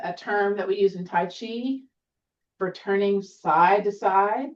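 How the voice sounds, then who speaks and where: A woman teaching a seated tai chi class, giving gentle, encouraging cues with playful exclamations. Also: mid-range voice, far from the mic, lo-fi sound. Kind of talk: guided exercise class.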